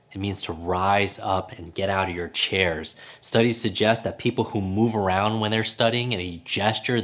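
Energetic low-voiced male podcast coach. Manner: energetic, repeats key phrases for emphasis. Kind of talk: podcast teaching.

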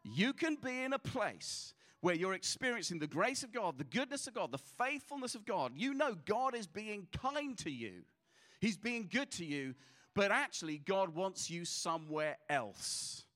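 High-voiced man preaching. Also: unhurried. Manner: conversational, animated storytelling with repeated restarts. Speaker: pastor. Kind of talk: sermon.

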